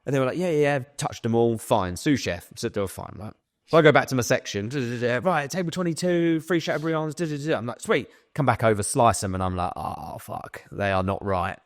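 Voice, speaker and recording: Man, guest storyteller, dry close sound, rapid delivery. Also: medium pitch, no echo. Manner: swearing, animated retelling with quoted dialogue. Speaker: podcast guest. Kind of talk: casual storytelling interview.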